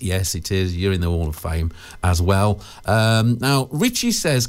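A British man hosts a casual radio show. He chats in a loose, rambling way, full of fillers and restarts, and his pitch swings up and down as he goes. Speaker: radio presenter.

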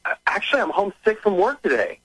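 Rattled man on a phone line, high voice. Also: big pitch swings, fast, a bit bright, husky. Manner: hesitant and rattled, stammering. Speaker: prank call victim.

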